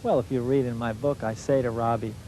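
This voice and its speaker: Mellow-voiced man answering an interview. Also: medium pitch, fairly even intonation, fairly quick, a little hiss or hum, low-quality recording. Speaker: interview guest.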